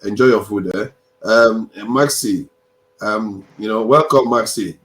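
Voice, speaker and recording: A man hosting a livestream panel, calling on guests by name with relaxed teasing. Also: lowish voice, a little slow, echoey room, low-quality recording. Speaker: host.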